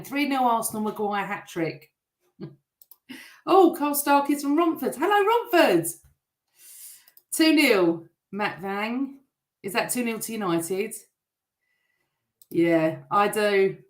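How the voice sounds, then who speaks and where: A woman's voice: mid-range voice, animated, measured pace, long pauses. Chatty woman hosting a fan stream. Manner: chatty, warm toward viewers, teasing. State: voice still rough from shouting. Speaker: host. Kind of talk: live-stream fan chat, reading viewer comments. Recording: echoey room.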